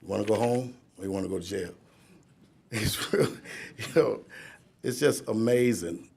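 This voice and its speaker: Gravelly-voiced man telling his recovery story. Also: lowish voice, measured pace, darkish tone. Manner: rambling, conversational, laughs at himself. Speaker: drug court graduate giving a testimony. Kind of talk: personal recovery testimony to an audience. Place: courtroom ceremony.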